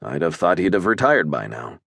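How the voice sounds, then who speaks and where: A man's voice: deep voice, wildly swooping pitch, moderate pace, creaky, fairly bright tone, husky, dry recording, heavily acted. A man voicing a seasoned male starship captain who speaks with dry, wry understatement.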